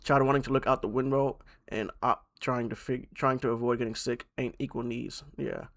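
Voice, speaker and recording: A young man streaming and reacting to online posts. He swings from loud outbursts to low mutters and restarts his sentences often. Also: steady tone, moderate pace, gravelly. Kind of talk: live-stream reaction commentary.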